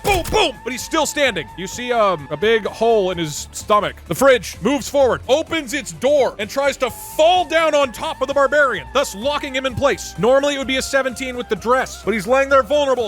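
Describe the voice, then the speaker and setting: A man in his thirties running a comedic tabletop game as game master, narrating with animated jokes and the odd swear. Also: very high voice, fairly quick, few pauses, soft background music. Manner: animated, joking, swears freely.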